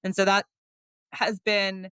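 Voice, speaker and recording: A woman's voice: medium pitch, level tone, slow pace, fairly bright tone, smooth, no room sound. A woman guest on a podcast, telling her story in a candid, chatty way, with many filler words and frequent laughs.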